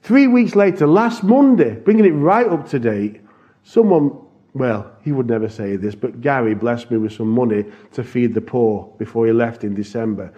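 A man's voice: medium pitch, moderate pace, warm tone. Earnest man sharing a church testimony. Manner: earnest storytelling with restarts. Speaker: church missions speaker. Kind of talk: heartfelt testimony to a congregation. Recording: dull lo-fi recording.

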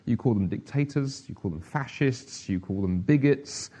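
A man's voice: mid-range voice, animated, normal speed, dark tone, husky. Middle-aged male preacher giving a chatty sermon in a mid-range voice. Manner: conversational, humorous, with asides.

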